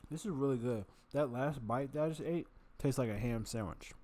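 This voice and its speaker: A man's voice: mid-range voice, moderate pace, warm tone. A man vlogging while he eats, rambling casually, cursing and poking fun at himself. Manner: self-mocking, profane, chatty.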